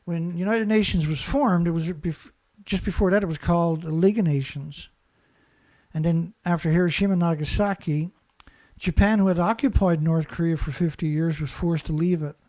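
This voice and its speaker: The host's voice is on the high side and darkish, moving at a moderate pace. He's angry, insulting everyone in sight and saying the same things over and over.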